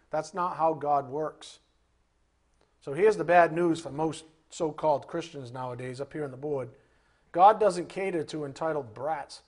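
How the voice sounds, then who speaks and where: A man giving a sermon as a Bible teacher, animated, asking rhetorical questions and acting out little scenes. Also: a little high.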